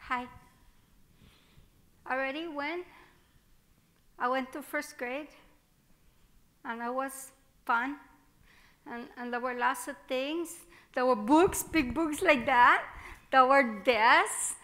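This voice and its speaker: A woman's voice: high voice, slow, long pauses, fairly bright tone. A woman performing a spirited Mexican-American little girl starting first grade, chatty and childlike, with a Mexican-American accent and Spanish phrases mixed in. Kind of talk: one-woman theatre monologue.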